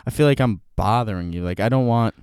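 A man's voice: on the low side, fast talker, darkish tone, clear, resonant tone, dry recording, studio quality. A young man chatting casually on a podcast, rambling with many fillers and restarts.

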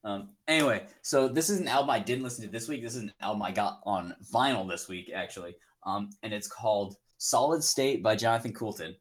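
A man's voice: lowish voice, animated, brisk, few pauses. Young man, casual podcast co-host, rambling, filler-heavy chat. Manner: laid-back, rambling with many fillers.

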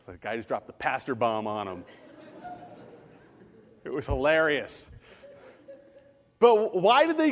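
Animated man preaching in a reverberant hall. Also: medium pitch, measured pace, long pauses. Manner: animated, jokey storytelling with laughs and asides. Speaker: pastor. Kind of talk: sermon with personal stories.

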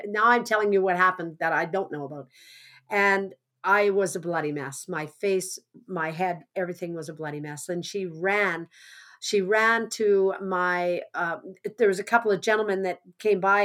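A woman recounting a personal story in a plain, earnest, conversational voice. Her pitch sits in the middle, and she often drops softer at the grim moments. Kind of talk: personal anecdote monologue.

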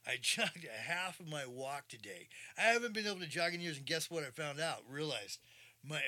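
A man in his sixties hosting a podcast, talking in a casual rambling monologue, excitable and swinging from low mutters to loud bursts. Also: brisk. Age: 60s. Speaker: podcast host. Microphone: studio mic through audio interface.

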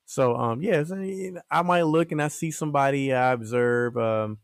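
A comedian guest, talking casually and rambling through his thoughts. His voice sits at a middle pitch and sounds dry and close. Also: normal speed, no room sound. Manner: rambling, many fillers and restarts. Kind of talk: casual interview chat.

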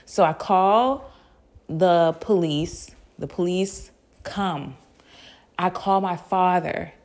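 Young woman storytelling on her podcast, kinda low voice, animated, laughing and cussing a lot. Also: slow. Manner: animated, laughs often, swears freely, slangy asides. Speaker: podcast host. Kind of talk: casual storytelling.

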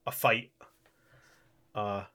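A man's voice: fairly low pitch, fairly even intonation, very slow, bright, forceful tone. A man co-hosting a podcast, casually recapping an anime in a chatty way with frequent laughs and restarts. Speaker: podcast co-host.

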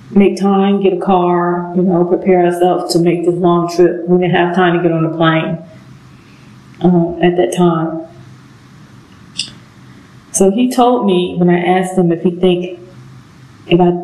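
A middle-aged woman giving an earnest, emotional personal testimony, halting now and then with pauses. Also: on the low side, gravelly, warm tone. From southern United States. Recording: echoey room.

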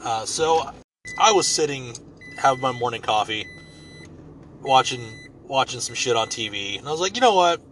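A man's voice: mid-range voice, moderate pace, long pauses, a bit bright. A man in his ordinary middle register tells a story in a loose, rambling way. He swears freely and keeps it joking and offhand, with a faint hiss of background noise under his voice. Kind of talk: casual storytelling monologue.

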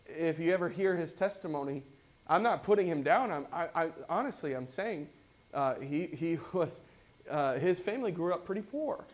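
Male pastor, high-pitched, conversational sermon delivery, reads verses and unpacks them. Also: normal speed. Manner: conversational preaching, reads scripture then explains it; acts out quoted voices with rising excitement.

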